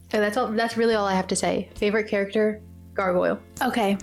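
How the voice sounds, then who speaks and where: Young woman, casual book vlogger, gushing, repeats herself, filler words, medium pitch, soft music behind. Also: fairly even intonation, fast talker. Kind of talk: casual chat.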